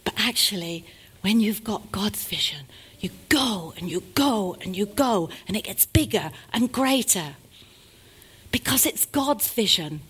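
A woman preaching a sermon to a congregation, swinging between loud exhortation and hushed asides. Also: medium pitch, lively intonation, unhurried, husky.

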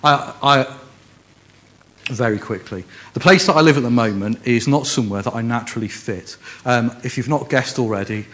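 A man with a broad Scouse accent gives a sermon that feels like a chat with friends. He pokes fun at himself and trips over his words, doubling back to restart phrases. His voice sits at an ordinary middle pitch. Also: moderate pace, a bit bright. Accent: Scouse (Liverpool). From Liverpool, England. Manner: self-deprecating humor, frequent restarts. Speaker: preacher. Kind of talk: conversational sermon.

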